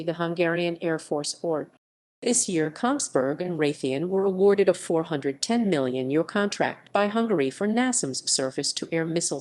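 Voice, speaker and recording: Low-voiced woman reading an article. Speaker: article reader. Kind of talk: scripted reading of an encyclopedia article.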